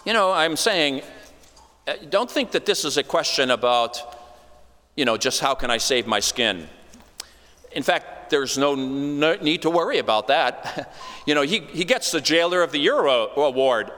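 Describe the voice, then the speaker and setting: A man's voice: a little high, animated, unhurried, pushed and bright. A man preaching an expository sermon in a conversational way, with wry asides. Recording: long reverb of a large hall.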